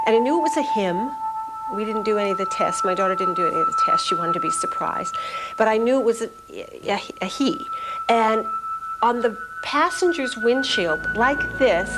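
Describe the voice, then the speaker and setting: A woman's voice: medium pitch, rough recording. Hesitant woman telling a personal story. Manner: hesitant, with many fillers and restarts. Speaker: interviewee. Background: music.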